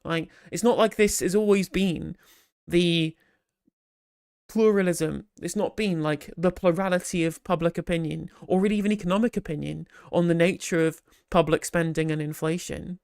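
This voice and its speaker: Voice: medium pitch, normal speed, vocal fry, no room sound. Rambling, sarcastic live stream host, dry sound. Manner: rambling, animated, full of restarts and sarcasm. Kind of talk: casual live commentary.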